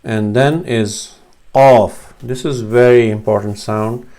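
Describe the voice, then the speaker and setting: A man's voice: on the low side, fairly even intonation, unhurried, darkish tone. A man teaching Arabic letter sounds, patiently demonstrating each one and correcting himself as he goes. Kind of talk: slow instructional explanation.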